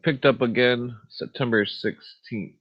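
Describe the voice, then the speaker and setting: Slow laid-back man, dull lo-fi sound. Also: mid-range voice, steady tone. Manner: laid-back, chuckling, trailing off with fillers. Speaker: podcast host. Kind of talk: casual rambling chat and book reading.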